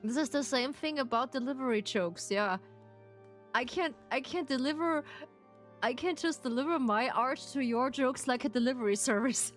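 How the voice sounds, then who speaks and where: Slow, playful German-accented woman. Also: high voice, soft background music. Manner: playful and teasing, laughs often. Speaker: streamer. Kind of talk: casual chat with viewers.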